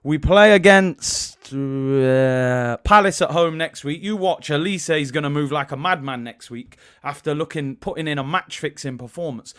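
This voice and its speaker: A man in his early thirties, possibly, hosts a live football watch-along, chatting casually, reading viewers' messages and shouting them out in lively bursts. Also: on the high side, normal speed, hardly any pauses, smooth. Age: 30s. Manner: animated, shouting out viewers and reading super chats. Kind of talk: casual live-stream chat.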